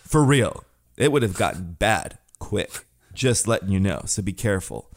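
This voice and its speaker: A man's voice: on the low side, animated, normal speed. A man co-hosting a podcast, chatting casually in a laid-back, wry, joking way. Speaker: podcast co-host. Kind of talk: casual chat.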